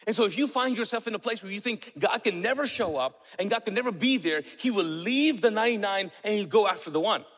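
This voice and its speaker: A high-voiced male pastor delivers a lively sermon, quizzing his congregation and slipping in jokes. His voice rings out with the long reverb of a church hall. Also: fast talker, hardly any pauses. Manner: lively, asks the congregation questions, joking asides.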